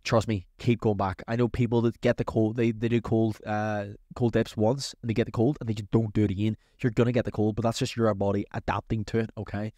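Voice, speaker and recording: A man hosting a casual advice podcast as a coach, talking in an energetic, chatty, motivational way. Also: on the low side, brisk, hardly any pauses, no room sound.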